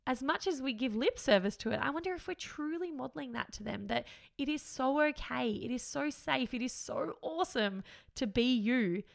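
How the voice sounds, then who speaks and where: A woman's voice: high-pitched, animated, normal speed, gravelly. A woman, hosting a solo podcast in an earnest, upbeat, reflective way, often laughing. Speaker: podcast host.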